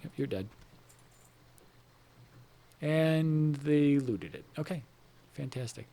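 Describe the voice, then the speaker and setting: A man's voice: on the high side, expressive, takes it slowly, vocal fry, warm tone. A man casually chatting to viewers from his home computer room while he plays a game, meandering with lots of fillers, casual swearing and asides about the game. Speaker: gamer talking to viewers while playing. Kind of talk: casual rambling chat while gaming.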